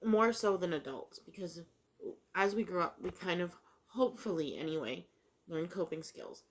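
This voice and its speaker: A woman's voice: on the low side, moderate pace. A middle-aged woman, chatting casually over breakfast, rambling through a story with many fillers and restarts while she eats. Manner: talks while eating. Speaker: vlogger.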